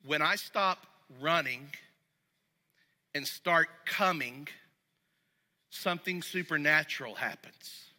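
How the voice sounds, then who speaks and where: A man preaching a sermon as pastor, talking to the congregation conversationally and going soft and low when he reads scripture. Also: slow, pauses often. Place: church sanctuary. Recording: long reverb of a large hall.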